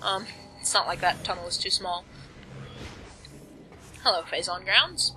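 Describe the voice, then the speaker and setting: A woman's voice: lowish voice, a little slow, bright, forceful tone, a little hiss or hum, rough recording. A woman casually commenting as she plays a video game, rambling and joking at her own expense. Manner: rambling, self-mocking, jokey asides. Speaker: let's play commentator.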